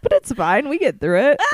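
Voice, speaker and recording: A woman's voice: high-pitched, huge pitch swings, a little slow, no echo. A young woman co-hosting a casual podcast, giggling a lot as her sentences rise like questions. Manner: giggly, rising question-like inflections. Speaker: podcast co-host.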